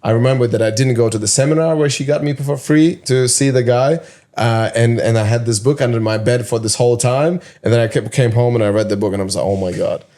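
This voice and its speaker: A man with a mid-range voice hosting a relaxed podcast conversation. He talks loosely and chattily, with easy laughter. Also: medium pitch, fast. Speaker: podcast host.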